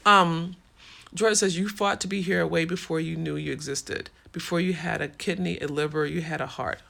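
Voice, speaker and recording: Brief: frank streetwise woman hosting a livestream, gravelly fry, sharp bright tone. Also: low voice, fairly even intonation, normal speed. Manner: frank and streetwise, swears freely. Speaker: livestream host. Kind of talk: casual livestream chat reading viewer comments.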